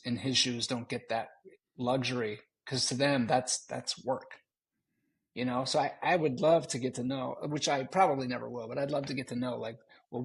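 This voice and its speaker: A man's voice: mid-range voice, gravelly, husky, poor audio. A middle-aged man co-hosting a podcast, telling stories in a rambling, easygoing way and laughing easily. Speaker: podcast co-host. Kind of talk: casual chat.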